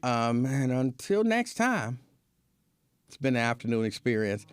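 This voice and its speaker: A man hosting a casual livestream show, telling a story in an animated way, laughing often and acting out scenes. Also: mid-range voice, unhurried, smooth, no echo, studio quality. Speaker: show host.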